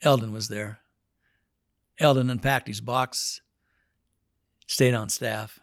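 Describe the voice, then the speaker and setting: A man's voice: medium pitch, fairly even intonation, takes it slowly, no room sound, studio quality. A man, a pastor, telling a story in a sermon and acting out the people in it.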